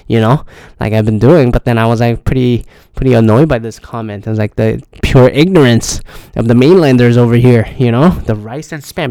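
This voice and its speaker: A man hosting a casual solo podcast from a hotel room, talking quietly in a rambling, blunt, profane way. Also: medium pitch, a little fast, no echo. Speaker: podcast host.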